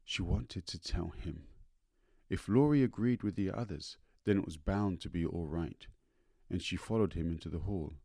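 A man narrating an audiobook of a short story in a measured, unhurried manner. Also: low voice, vocal fry, warm tone, husky, no room sound, studio quality.

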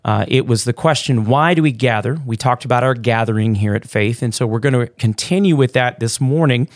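Casual pastor cohosting a podcast. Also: male voice, medium pitch, brisk, dry recording, clean studio sound. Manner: relaxed, joking, with frequent fillers and restarts. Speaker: pastor, co-host.

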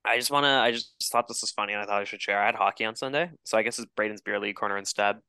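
A young man co-hosting a podcast, telling an animated, profanity-laced story in casual chat. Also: on the low side, racing, clean tone, no room sound, studio quality. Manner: animated storyteller, swears a lot. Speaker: podcast co-host.

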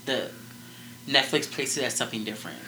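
A man talking through a crime case in loose, unscripted podcast chat, circling back with "like" and half-finished sentences. His voice has a bright, forward edge at an ordinary middle pitch. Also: a little fast, a little hiss or hum, rough recording. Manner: rambling, full of "like" and restarts. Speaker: podcast co-host. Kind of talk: casual true-crime chat.

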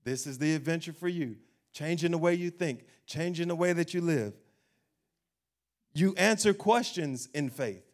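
Man, pastor, animated sermon, slightly high voice. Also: moderate pace. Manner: animated preaching, acts out doubting voices, laughs.

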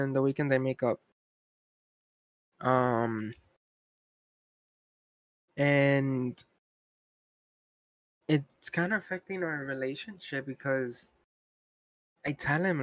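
A man's voice: medium pitch, dry recording. A young man co-hosting a podcast, talking in a casual, frustrated rant full of "like" and asides. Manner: frustrated ranting, heavy use of "like". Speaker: podcast co-host. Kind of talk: casual chat.

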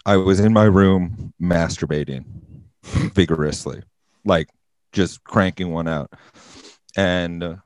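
Young man, very low voice, dry close mic, swearing his way through a serious personal tale. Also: no echo, low-quality recording. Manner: profane, deadpan-serious storytelling. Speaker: podcast guest. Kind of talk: casual storytelling.

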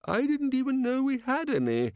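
A man's voice: very high-pitched, huge pitch swings, normal speed, a little mellow, smooth, dry recording, clean studio sound, pitched above the performer's own voice, exaggerated voice. A man voicing a muddled, petty old male wizard who mutters petulantly.

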